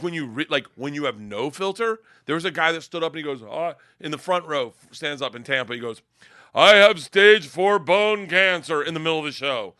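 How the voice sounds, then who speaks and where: A middle-aged male comedian spins a raucous, profane story and loudly acts out everyone in it. His voice is bright and forceful, a little higher than most men's, and it sits close and dry with no room sound. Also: no room sound. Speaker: comedian guest. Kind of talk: storytelling in casual chat.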